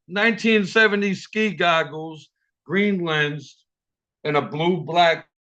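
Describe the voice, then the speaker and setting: A man's voice: on the high side, pushed and bright, lo-fi sound. A man telling a profane, vivid street story at an online open mic, heard over a video call.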